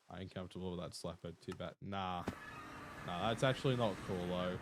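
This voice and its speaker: A man's voice: low voice, fairly quick, a little hiss or hum. A man streaming live, chatting casually and jokily with his viewers and laughing often. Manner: laid-back, jokey, talks to chat, laughs often. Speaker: Twitch streamer.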